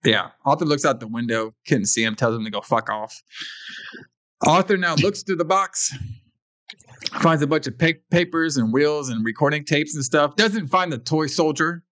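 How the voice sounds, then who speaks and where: A male podcast host recaps a film in loose, crude casual chat with plenty of swearing. His voice sits a bit high. The sound is dry and close. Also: normal speed, a bit bright, dry recording. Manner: rambling, crude, swears freely.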